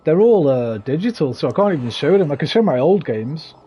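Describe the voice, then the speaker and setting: A man's voice: on the high side, big pitch swings, brisk, warm tone, slight background noise. A man streaming a video game, chatting casually with viewers, greeting them by name and swearing freely. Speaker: gaming streamer. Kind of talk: casual live-stream chat while playing.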